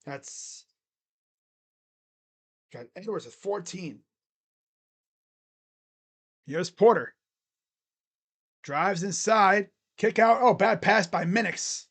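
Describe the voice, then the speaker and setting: A man streaming live play-by-play commentary, calling plays in excited bursts and then dropping into low, mumbled casual asides. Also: drawn-out words, pauses often, husky.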